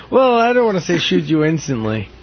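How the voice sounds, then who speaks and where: An easygoing man with a fairly high voice chats on a radio show and laughs often between lines. The recording is dull and lo-fi, like an old radio broadcast. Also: very animated, moderate pace, gravelly, crowd noise. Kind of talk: casual radio banter.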